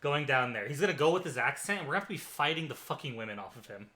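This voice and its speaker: A man's voice: medium pitch, lively intonation, rapid-fire, pushed and bright. A man hosting a casual podcast chat, teasing his friends with jokes and casual swearing. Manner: jokey and teasing, swears freely. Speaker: podcast host.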